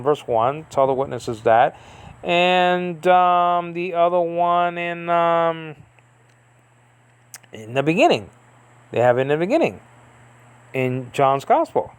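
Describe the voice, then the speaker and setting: A man's voice: on the high side, vocal fry, fairly bright tone. A man giving a casual, rambling Bible study lesson, thinking aloud with many fillers and asides. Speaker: Bible teacher.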